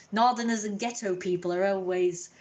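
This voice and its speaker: A woman's voice: mid-range voice, a little mellow. An English woman from Britain ranting in a casual live stream from home, opinionated and indignant, swearing freely.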